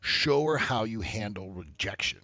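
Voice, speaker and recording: Blunt, husky-voiced man giving dating advice. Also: animated, moderate pace, pushed and bright, no room sound, dull audio. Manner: blunt and profane, acts out quotes in high mocking voices, laughs often. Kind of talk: casual advice rant to camera.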